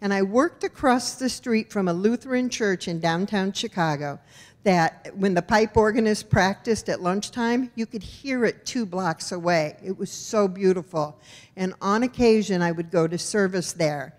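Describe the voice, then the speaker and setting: A woman from rural Iowa tells a personal story with a wry, expressive delivery. Her voice sits in a middle pitch range. A long hall reverb trails her words. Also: normal speed. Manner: wry, expressive, animated in punchlines. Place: storytelling event venue.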